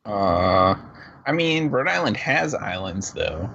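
A man's voice: on the low side, sing-song, slow pace, creaky, lo-fi sound, noisy background. A man chatting on a podcast, rambling and hedging through his answers with self-deprecating humor. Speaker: podcast co-host. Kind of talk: casual podcast chat.

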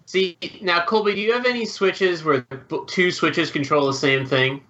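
Dry matter-of-fact guy co-hosting a tech podcast, bright tense voice, kinda muffled audio. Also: fairly high pitch, fairly even intonation, moderate pace. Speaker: podcast co-host. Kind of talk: casual tech podcast chat.

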